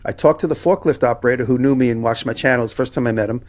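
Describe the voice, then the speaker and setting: A man tells a long story in relaxed conversation with his co-hosts. His voice sits at an average pitch, and he jumps into the voices of the people he describes. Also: fast. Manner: animated anecdote telling, acting out both sides of quoted exchanges. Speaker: podcast co-host. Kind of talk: casual storytelling chat.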